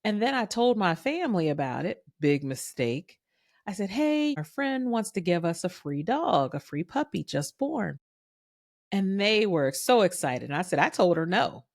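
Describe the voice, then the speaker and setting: A woman hosting a podcast, telling a personal story in a chatty, animated way and acting out the quoted voices. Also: on the low side, moderate pace, no room sound, clean studio sound. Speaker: podcast host.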